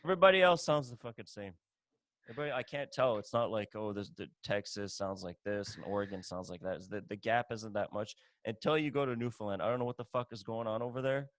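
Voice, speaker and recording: A man's voice: fairly low pitch, fast talker, no room sound. A man hosting a podcast, chatting casually in a blunt, profane, joking manner. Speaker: podcast host. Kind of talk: casual chat.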